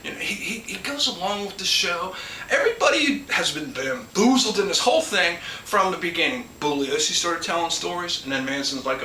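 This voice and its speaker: Animated rambling man in an echoey room. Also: sits high, brisk, recorded from a distance. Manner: rambling, animated, with many restarts and asides. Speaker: collector and channel host. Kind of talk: casual rambling monologue. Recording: echoey room, off mic, faint background hum.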